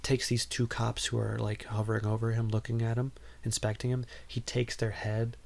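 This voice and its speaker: A man's voice: mid-range voice, monotone, moderate pace, vocal fry, darkish tone, slight background noise. A man hosting a podcast, recapping a film in a casual, rambling way with lots of ums and wry asides. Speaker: podcast host.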